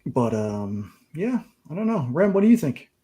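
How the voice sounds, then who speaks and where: A man's voice: on the high side, very animated, normal speed, warm tone. A man hosting a casual podcast chat, quizzing his co-hosts and reading a sponsor plug. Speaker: podcast host.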